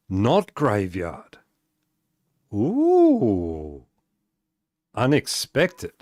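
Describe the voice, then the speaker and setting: A man chats his way through a gaming live stream at a slow, unhurried pace. He rambles, restarts his sentences and keeps breaking into little chuckles. His voice sits mid-pitch and sounds dry and close to the mic. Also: huge pitch swings, a little mellow, dry recording. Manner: rambling, with many fillers and restarts; chuckles often while talking.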